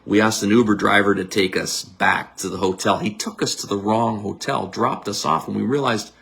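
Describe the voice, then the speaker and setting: A middle-aged man, a psychic medium leading a guided visualization talk in a blunt, energetic, casual coaching manner. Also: fairly low pitch, moderate pace, vocal fry. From Canada.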